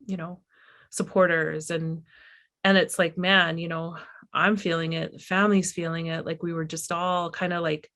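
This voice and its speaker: A middle-aged woman talks about her work in a slightly low voice. She is candid and halting, restarting her sentences often as she reflects. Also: level tone, a bit bright. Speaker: filmmaker guest. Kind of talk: reflective conversation.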